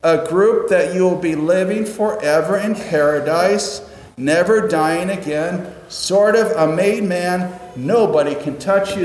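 A man preaching a sermon conversationally, dropping low and quiet to stress a point. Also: measured pace. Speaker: pastor. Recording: echoey hall with long reverb.

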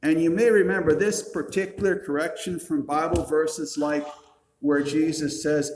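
Man, pastor, sermon, wry rhetorical questions, slightly high voice, roomy echo. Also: measured pace, slight background noise.

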